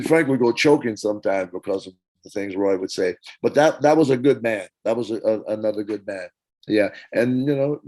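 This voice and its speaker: Older man telling animated stories. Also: medium pitch, low-quality recording. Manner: animated storyteller, acts out quotes and hums parts. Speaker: interview guest, former band singer. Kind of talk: casual storytelling interview.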